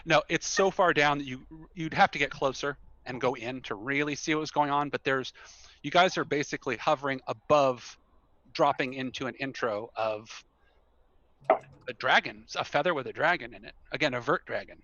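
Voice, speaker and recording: A man's voice: mid-range voice, moderate pace, pushed and bright, no room sound, dull audio. A man narrating as game master in a rambling way, full of fillers and frequent laughter.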